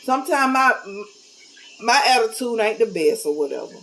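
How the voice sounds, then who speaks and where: A woman's voice: on the high side, very animated, normal speed, gravelly, fairly bright tone, low-quality recording. Blunt woman venting to camera. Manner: candid, blunt, folksy, preachy. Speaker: vlogger. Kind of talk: casual talk to camera.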